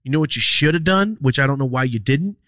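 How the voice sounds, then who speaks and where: A podcast host, a man who talks fast in casual chat. He teases his guest in a brash, profane way. His voice sounds dry and close, with no room echo. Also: medium pitch, expressive, pushed and bright.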